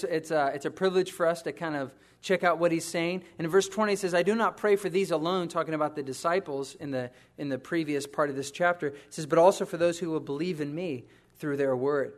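High-voiced man preaching a sermon. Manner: conversational preaching, swings from hushed to emphatic. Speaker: pastor.

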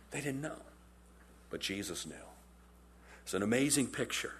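A man preaching a sermon in a conversational, animated storytelling way, often repeating phrases for emphasis. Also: fairly high pitch, moderate pace, pauses often, slightly rough. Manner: animated storytelling, acts out quotes in character. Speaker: pastor.

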